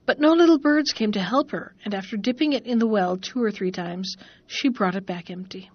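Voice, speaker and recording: A woman narrating a fairy tale in a measured, expressive reading voice. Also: medium pitch, slightly rough, dry recording, highs cut off. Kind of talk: storybook narration.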